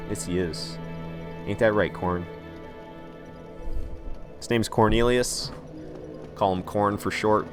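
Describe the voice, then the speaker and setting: A man's voice: fairly low pitch, steady tone, takes it slowly, pauses often, music in the background. A young man streaming a video game at home, rambling casually and reading chat messages aloud.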